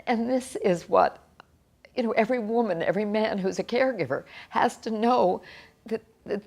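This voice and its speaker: A middle-aged woman giving an earnest, halting personal account in an interview, often restarting her sentences. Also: on the high side, vocal fry, darkish tone. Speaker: author interviewee.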